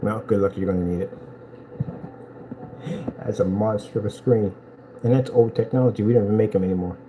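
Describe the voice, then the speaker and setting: A man selling projector screens in a boastful, taunting vlog rant, telling animated stories with big swings in pitch. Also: fairly quick, a little hiss or hum, poor audio. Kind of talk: ranting promotional vlog.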